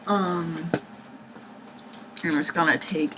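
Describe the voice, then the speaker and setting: A woman chatting casually to camera on a low-quality home video, rambling with hushed asides and mock-dramatic outbursts. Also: measured pace, pauses often, background noise. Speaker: vlogger showing her record collection.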